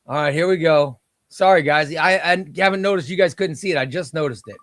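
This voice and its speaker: A fairly high, quick, rather bright male voice belongs to a man hosting a relaxed comic book livestream. He chats with viewers and calls out names as they get knocked off a giveaway wheel, exclaiming at every elimination.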